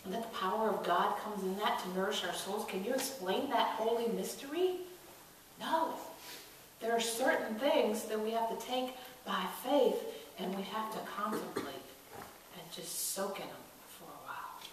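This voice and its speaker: A woman's voice: medium pitch, moderate pace, slight background noise. A woman pastor giving a sermon, telling stories and acting out the quoted voices as she builds to emphatic calls. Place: church sanctuary. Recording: echoey church from a distant mic.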